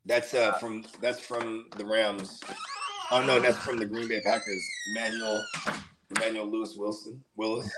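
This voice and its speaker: A man's voice: fairly low pitch, fairly even intonation, normal speed, very noisy. A man co-hosting a casual fantasy football show, talking in laid-back slangy banter. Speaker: co-host. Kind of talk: casual podcast chat.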